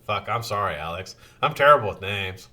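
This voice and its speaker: Animated and fairly quick, this live-stream host works through his chat, greeting each viewer in turn as he chats casually. He swings between loud calls and low muttering, swears freely, and there's a little hiss or hum in the audio.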